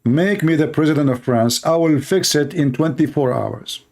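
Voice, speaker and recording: A man's voice: a little high, moderate pace, vocal fry, a little mellow. Emphatic man hammering short repeated phrases. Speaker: channel host. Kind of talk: impassioned monologue.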